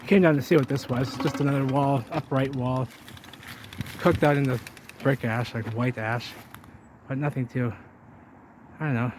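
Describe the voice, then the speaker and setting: Flat-voiced man rambling on a walk. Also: medium pitch, normal speed, pauses often, noisy background. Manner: rambling, talks to viewers while walking. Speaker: vlogger. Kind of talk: walking explorer vlog. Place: outdoors by a river wall.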